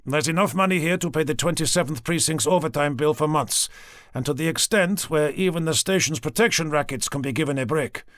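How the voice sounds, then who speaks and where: A male narrator voicing a weary, cynical middle-aged police inspector with a gruff, dry delivery. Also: on the high side, fairly quick, fairly bright tone, no room sound, voice pushed up, lightly acted. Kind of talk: audiobook character voice.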